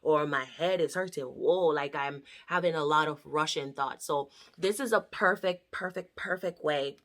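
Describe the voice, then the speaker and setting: A woman in a casual instructional vlog, explaining a counseling technique in an animated way and acting out panicky inner voices. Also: low-pitched, moderate pace.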